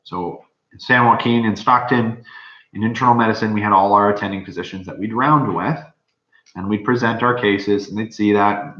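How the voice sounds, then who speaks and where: A young man, a medical student, giving rambling, informal advice with many fillers. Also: sharp tone. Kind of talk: casual advice talk. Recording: dull, roomy low-fi recording.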